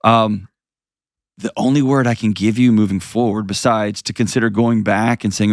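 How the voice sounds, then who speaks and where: Low-voiced man hosting an advice call. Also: moderate pace, no echo, studio quality. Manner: earnest, direct, plain-spoken counseling. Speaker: advice show host.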